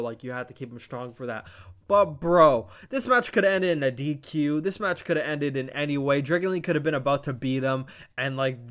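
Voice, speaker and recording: Excitable male wrestling reviewer, slightly high voice, rapid and profane, prone to loud frustrated bursts. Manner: excitable, fast-talking, swears a lot; breaks into loud exasperated outbursts. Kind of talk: casual recap and commentary.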